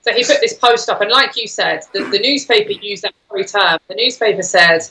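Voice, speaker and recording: Female guest with a bright, tense edge, insistent and fluent, mid-pitched. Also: brisk, few pauses, low-quality recording. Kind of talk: talk show conversation.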